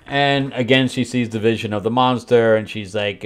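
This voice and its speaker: At normal speed and medium pitch, a man speaks in a steady tone over slight background noise. As host of a comic book review show, he tears into the book bluntly, turning pages and mocking characters through exaggerated acted-out lines.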